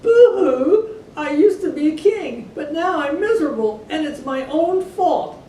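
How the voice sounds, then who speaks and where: A woman voicing a proud male lion king who has lost his fur, now wailing and pleading in a shrill voice. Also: very animated, unhurried, heavily acted. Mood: sobbing. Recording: echoey room, distant mic, low rumble.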